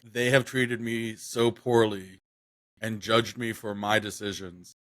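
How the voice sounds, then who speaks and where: A man's voice: lowish voice, fairly even intonation, takes it slowly, fairly bright tone, no echo, studio quality. A young man chatting casually on a podcast, rambling with lots of fillers and restarts. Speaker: podcast co-host.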